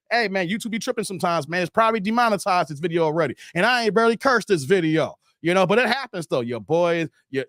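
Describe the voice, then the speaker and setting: Brief: high-voiced male streamer, relaxed and slangy, chuckles as he reads chat into a dry close mic. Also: no echo. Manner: laid-back, slangy, laughs often, trails off. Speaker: live stream host. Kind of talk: casual live stream chat, reading comments.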